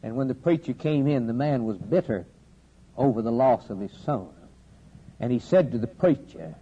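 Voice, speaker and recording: Dark-voiced preacher man, lo-fi. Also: mid-range voice, lively intonation, breathy edge. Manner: preaching cadence, rising to loud emphatic climaxes, dramatic pauses. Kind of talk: sermon. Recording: dull lo-fi sermon recording with faint hiss.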